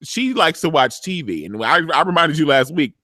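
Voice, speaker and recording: A male host in a casual recap chat, telling the story playfully. His bright voice swings through a lively pitch range, and the sound is close and dry. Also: moderate pace, dry recording. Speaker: show host.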